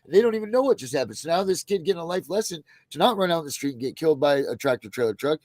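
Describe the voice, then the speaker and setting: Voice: mid-range voice, animated, rapid-fire, a little mellow, dry recording. Agreeable podcast co-host, dry sound. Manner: agreeable, chimes in with short replies. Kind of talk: casual podcast chat.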